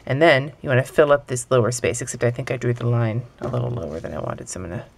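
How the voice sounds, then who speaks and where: Deep, gravelly-voiced woman teaching lettering. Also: big pitch swings, fast. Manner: offhand, self-deprecating, mildly profane. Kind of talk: casual tutorial talk while drawing.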